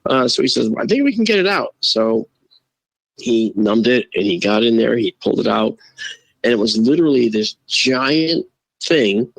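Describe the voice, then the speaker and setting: A man guest telling a casual, animated story and acting out the quoted voices. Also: medium pitch, gravelly, dry recording, poor audio. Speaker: guest, astronomer and photo-video analyst.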